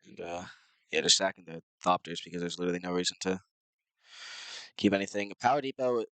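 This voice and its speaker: A low-voiced man with a nasal, slightly sick sound, commentating his own card game matches. He rambles casually and unsurely, leaning on fillers. The recording is close and completely dry, with no room in it. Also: a little fast, fairly bright tone, no room sound, rough recording. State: a little sick.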